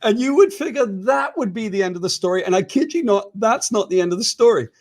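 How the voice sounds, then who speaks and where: British man, somewhat high voice, casual chat, animated self-mocking storyteller. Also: fast. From Britain. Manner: animated, self-deprecating storyteller who acts out quoted lines. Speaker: co-host.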